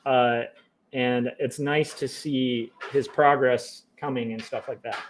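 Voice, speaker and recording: A man's voice: medium pitch, fairly even intonation, slow pace, slight background noise. A man talking casually to his viewers while he works on comics, wry and self-mocking, with offhand jokes. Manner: wry, self-mocking, drifting into jokey quoted voices. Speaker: livestreaming comic artist.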